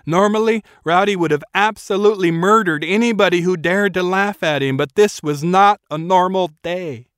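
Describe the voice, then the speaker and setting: A man narrating a novel in a measured, quiet storytelling manner. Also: high voice, clear, resonant tone, dry recording, studio quality. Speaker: audiobook narrator. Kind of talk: scripted narration.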